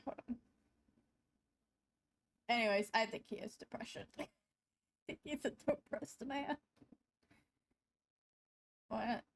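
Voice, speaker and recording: A high-pitched woman chats with her live stream audience while she draws. She rambles playfully, breaking into giggles mid-sentence and teasing herself. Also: slow pace, creaky, long pauses, slight background noise. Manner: playful self-mocking banter. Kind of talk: casual chat to stream viewers while drawing.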